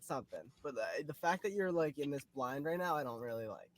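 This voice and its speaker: A young man co-hosting a podcast in casual chat, cutting in quickly. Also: on the high side, lively intonation, dry recording. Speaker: podcast co-host.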